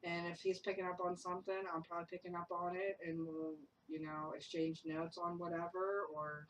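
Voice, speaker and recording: A young woman recounts a ghost hunt to friends, lively and quick to laugh, slipping into the voices of the people in her story. Her voice sits a little low, and she is picked up from a distance with a faint hiss under it. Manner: lively storyteller, laughs often, acts out quotes. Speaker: paranormal investigator. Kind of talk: casual group chat, telling a ghost story. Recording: distant mic with faint noise.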